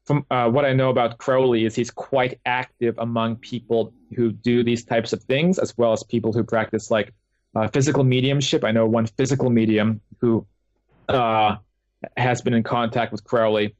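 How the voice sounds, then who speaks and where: A man's voice: mid-range voice, fairly even intonation, moderate pace, no room sound. Rambling man on a dull, dry call line. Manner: rambling, with many fillers and restarts. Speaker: guest author. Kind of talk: casual interview storytelling.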